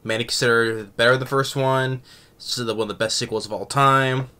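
Young man, casual film review, rambling and halting, bright crisp voice, smooth tone. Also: medium pitch, fairly even intonation. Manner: rambling, halting, many restarts and fillers. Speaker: movie reviewer.

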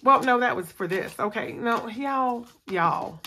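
A woman's voice: fairly high pitch, lively intonation, unhurried, sharp tone, a little hiss or hum. A tired woman hosting a budgeting video, chatting casually with viewers and counting aloud as she plays a savings game at home. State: tired after a long workday. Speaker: budgeting channel host. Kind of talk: casual chat while playing a savings game.

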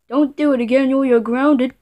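A woman voicing a quick-tempered female computer error that scolds the user, threatening and stammering as she goes. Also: sits high, fairly even intonation, dark tone, close to an everyday voice. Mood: angry scolding.

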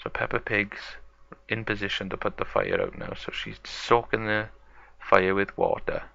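A man narrating a toy-play story in a plain, halting storytelling way. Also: on the low side, level tone, creaky, bright, forceful tone, lo-fi sound. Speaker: toy channel host.

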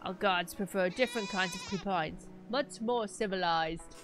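A woman's voice: medium pitch, moderate pace, over music, voice pushed down, lightly acted. A woman voicing a stern rustic male villager in a game, talking in a folksy, scolding drawl. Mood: dismissive. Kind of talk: voicing game characters on stream.

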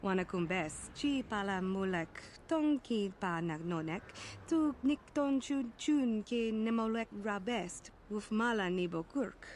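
An actress voicing a female alien droid seller who speaks a steady alien language. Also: mid-range voice, a little slow, slight background noise, close to an everyday voice.

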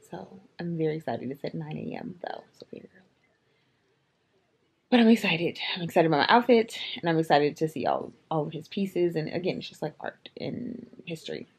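A woman fashion vlogger talks casually to her camera, scattering "um" and "like" through her sentences. Her voice sits low and has a husky, gravelly edge. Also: darkish tone. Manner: chatty, lots of "um" and "like". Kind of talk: casual vlog talk to camera.

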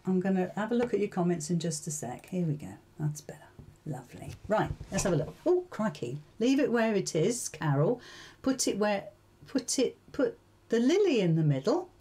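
A woman with a warm, mellow tone leads a live sewing tutorial in a relaxed, chatty way. She thinks aloud as she works and keeps turning to her viewers with questions. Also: mid-range voice, moderate pace, husky. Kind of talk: casual live tutorial chat.

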